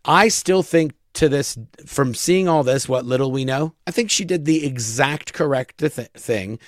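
A man co-hosting a casual talk show, telling anecdotes with lively acted-out quotes. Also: medium pitch, measured pace, dry recording, clean studio sound. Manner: animated storyteller, mimics others in quoted asides. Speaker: podcast co-host. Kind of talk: casual chat.

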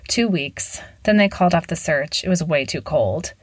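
A woman voicing a teenage girl confiding a rumor in a hushed way. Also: deep voice, animated, moderate pace, no room sound. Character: gossipy teenage schoolgirl.

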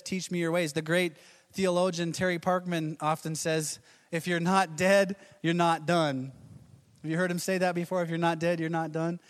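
Male pastor, thirties, slightly high voice, storytelling sermon style with chuckles; echoing church hall.

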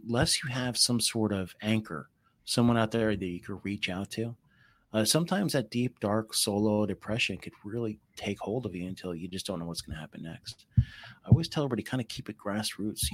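A man hosting a podcast, talking in an earnest, relaxed way in a conversational interview. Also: on the low side, no echo. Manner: earnest and relaxed, draws on military background. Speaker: podcast host.

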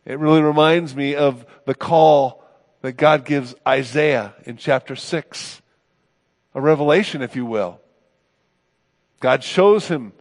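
Man preaching in a reverberant hall. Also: fairly high pitch. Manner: earnest preaching with rising emphasis and soft trailing phrases. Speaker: pastor. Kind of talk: sermon.

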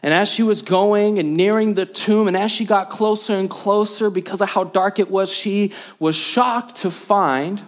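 A man's voice: high voice, normal speed, hardly any pauses. A man, a lead pastor, preaching a sermon in a church with emphatic repetition and call and response. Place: church hall.

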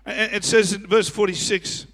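A man preaching a sermon as pastor, swinging from quiet asides to loud shouting and often chuckling. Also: high voice, fairly even intonation, moderate pace. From Australia. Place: church auditorium. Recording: echoey church hall.

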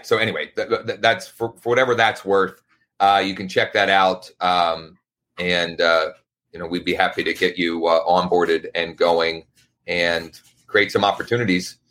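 A man's voice: low voice, a bit bright. A man hosting a casual live show, talking in a loose, rambling way with frequent restarts. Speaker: host.

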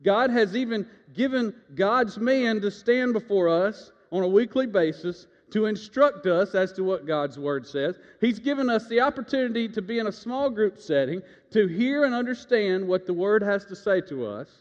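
A man's voice: high voice, expressive, normal speed, hardly any pauses. A man preaching a sermon in a church, telling a folksy personal story and leading the congregation in call-and-response. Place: church sanctuary. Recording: reverberant church, dull lo-fi sound.

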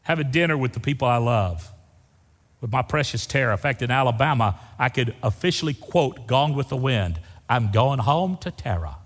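A man's voice: mid-range voice, brisk, a bit bright. An older man, a pastor preaching a folksy sermon and asking the congregation questions. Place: church sanctuary. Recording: long hall reverb.

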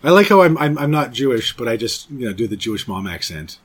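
A man's voice: medium pitch, very animated, quick pace, slightly rough. A man in his forties from Canada, hosting a podcast in casual, rambling, jokey chat with some swearing. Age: 40s. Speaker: podcast host.

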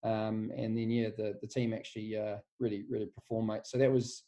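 A man in his forties with a New Zealand accent speaks from his office over a remote call. His voice is warm and mellow. He tells his career story in a relaxed, rambling way, with "mate" in nearly every sentence. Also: on the low side, a little fast. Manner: laid-back, rambling, says "mate" constantly. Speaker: guest, strength and conditioning coach. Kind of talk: casual podcast interview.

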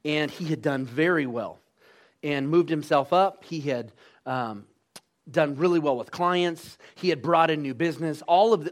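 Preacher, male, slightly high-pitched, lively and engaging with the congregation. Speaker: pastor. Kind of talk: sermon.

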